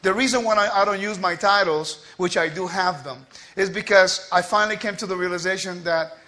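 A man giving a quick, scattered and playful teaching to a congregation, joking with the listeners as he goes. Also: high-pitched, sharp tone. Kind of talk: lively spoken teaching.

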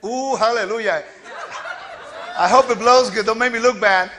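A man giving a quick, scattered and playful teaching to a congregation, joking with the listeners as he goes. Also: very high-pitched, sharp tone, a faint crowd, slight background noise. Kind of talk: lively spoken teaching.

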